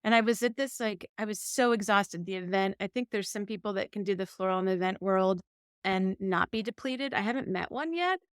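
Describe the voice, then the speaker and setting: A woman's voice: mid-range voice, fairly quick, clear, resonant tone, no room sound, studio quality. A woman co-hosting a podcast, telling a personal story in casual chat and acting out what she said back then. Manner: animated, acts out her own past quotes. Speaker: podcast co-host.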